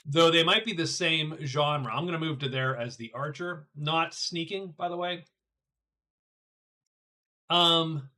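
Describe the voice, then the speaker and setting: On a live stream of a solo board game, a middle-aged man chats with viewers and muses aloud, often fumbling and repeating words. He sounds high-pitched, pushed, and bright.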